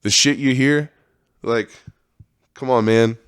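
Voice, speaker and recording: A man's voice: medium pitch, slow pace, smooth, dry recording, clean studio sound. A man hosting a podcast, talking in a rambling, profane monologue and laughing often. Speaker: podcast host.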